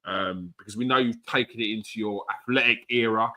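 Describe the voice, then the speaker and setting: Relaxed man hosting football talk. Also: lowish voice, brisk. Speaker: podcast host. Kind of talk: casual football chat.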